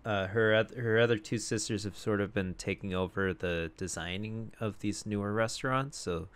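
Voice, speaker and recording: A man's voice: lowish voice, smooth. A young man co-hosting a podcast, chatting casually and rambling with frequent laughs into a foam-covered mic. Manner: laid-back, rambling, laughs often. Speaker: podcast co-host. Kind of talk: casual chat. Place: home podcast setup. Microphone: podcast mic with foam windscreen.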